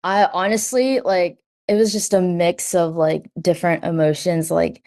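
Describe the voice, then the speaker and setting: Young adult woman, low-ish pitch, chatty with constant "like", re-enacts quotes. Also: moderate pace. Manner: says "like" constantly, quotes herself and others in lively bursts. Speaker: guest. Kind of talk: personal story in an interview.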